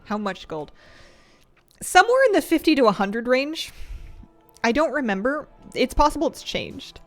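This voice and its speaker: A woman's voice: sits high, very animated, normal speed, faint music behind. A woman streaming a game, chatting casually in a rambling, playful way, laughing often and answering chat.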